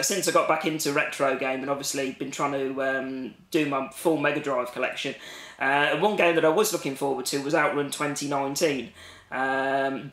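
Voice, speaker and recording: A man's voice: mid-range voice, fairly bright tone. A man with an English Midlands accent, casually chatting to camera as a gaming vlogger, rambling with lots of ums and restarts. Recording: echoey room.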